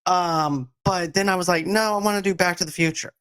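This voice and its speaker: A man's voice: high voice, fairly even intonation, brisk, a bit bright, clean tone. A man with a Boston accent hosting a casual movie chat, talking in an enthusiastic, rambling way. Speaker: podcast host.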